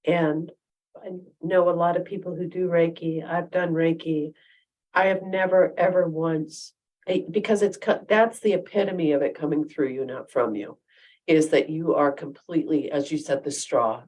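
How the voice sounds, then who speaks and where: A woman's voice: sits low, fairly even intonation, moderate pace, darkish tone. A woman co-hosting a podcast, speaking in casual chat with emphatic, firm disapproval. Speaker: podcast co-host.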